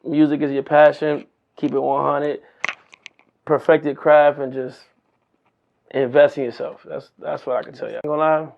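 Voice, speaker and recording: A man's voice: a little high, little pitch movement, normal speed, gravelly, muffled recording, a little hiss or hum. A man from New York, a rapper, giving blunt streetwise advice full of slang.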